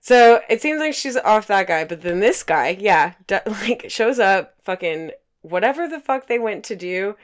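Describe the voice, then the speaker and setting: A woman in her twenties telling a profane, animated story in casual chat, acting out quotes. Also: medium pitch, moderate pace, hardly any pauses.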